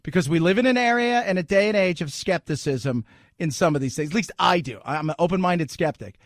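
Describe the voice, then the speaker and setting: A man hosting a talk radio show, giving an opinionated monologue in an animated, sarcastic way, often laughing. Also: high voice, brisk, no echo, studio quality.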